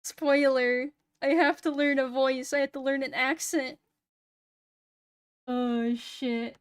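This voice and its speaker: A young woman streamer chats on a close, dry mic, with a high, light voice. She swears freely, laughs easily, and jokes at her own expense. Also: steady tone, slow, clear, resonant tone, no echo. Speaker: VTuber streamer. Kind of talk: casual stream chat.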